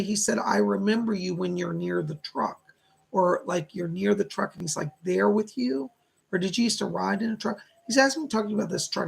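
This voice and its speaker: A middle-aged man gives a live psychic reading in a deeply gravelly, husky voice. He relays what the spirits say as quotes, peppering every sentence with "he said.". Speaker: psychic medium.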